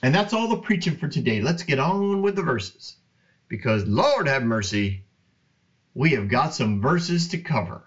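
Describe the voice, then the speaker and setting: Earnest, animated man teaching scripture. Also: mid-range voice, unhurried, lo-fi sound. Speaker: Bible teacher. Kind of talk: casual Bible study talk.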